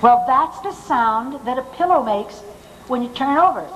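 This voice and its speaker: An older woman telling comic stories from a stage in a chatty, animated way, acting out other people's voices. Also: high voice, moderate pace, slight background noise. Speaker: stage performer. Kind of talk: anecdotal stage monologue. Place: stage in a large hall. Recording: long hall reverb, faint music behind.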